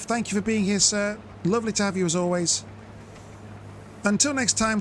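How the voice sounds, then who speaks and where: A man's voice: high voice, animated, normal speed, a bit bright, faint music behind. A man giving chatty live commentary as he plays and explains his method step by step. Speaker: streamer.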